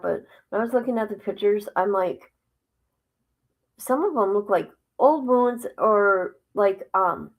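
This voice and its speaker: A woman hosting a casual livestream, reading a report aloud haltingly and breaking off with exclamations and asides to her viewers. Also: medium pitch, rough recording. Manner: drops into whispers at times. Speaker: livestream host.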